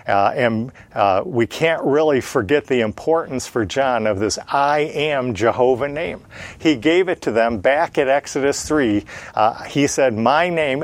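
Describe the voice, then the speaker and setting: A man's voice: mid-range voice, dry recording. A man teaching a Bible lesson in sermon style, asking rhetorical questions and answering them himself with emphatic repetition, with frequent filler sounds. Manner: frequent "uh" fillers, plain conversational delivery.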